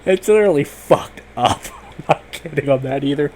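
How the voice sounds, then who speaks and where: A man giving a casual, rambling spoken review of a TV episode, excitable and swearing often, full of fillers. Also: on the high side, moderate pace, a little hiss or hum.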